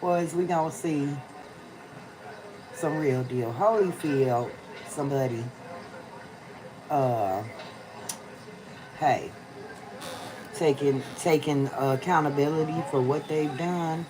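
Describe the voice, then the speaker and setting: A woman's voice: sits low, slow, pauses often, crowd noise, low-quality recording. A tired woman hosting a casual livestream outdoors on a rainy day, chatting with her viewers in slang. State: tired, yawning. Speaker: livestream host.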